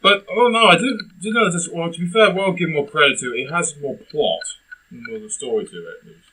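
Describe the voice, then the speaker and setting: A young man co-hosting a casual comedic film review, ranting and bursting into shouts. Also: on the high side, fairly quick, slightly rough, rough recording.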